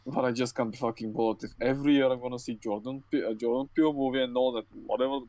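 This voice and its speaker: A man's voice: medium pitch, fairly even intonation, racing, warm tone, dry recording. A tired young man co-hosting a podcast, ranting and swearing with stumbling restarts. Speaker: podcast co-host. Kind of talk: casual chat.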